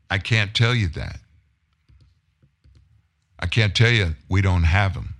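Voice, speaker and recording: A man hosting a news show, his voice sitting low. He reads the day's political stories, then slides into sarcastic, indignant commentary. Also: slow pace, pauses often, a bit bright. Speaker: news host. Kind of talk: news reading and opinion commentary.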